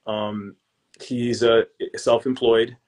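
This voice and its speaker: A young man who is a podcast guest and real estate investor, chatting casually and telling lively stories in relaxed, slangy speech. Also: mid-range voice, slow pace. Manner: relaxed and slangy, calls the hosts "bro"; lively storyteller who acts out his own past lines. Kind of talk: casual interview chat.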